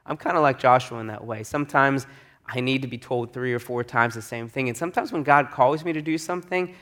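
A man's voice: medium pitch, a little fast, fairly bright tone. A male pastor giving a sermon in a casual, conversational way, repeating key phrases for emphasis.

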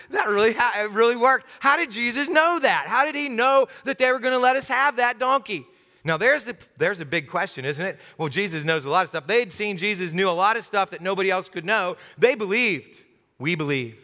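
A male pastor preaching a sermon, telling the story with lively humor and acting out the scenes for his listeners. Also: fairly high pitch, big-room sound.

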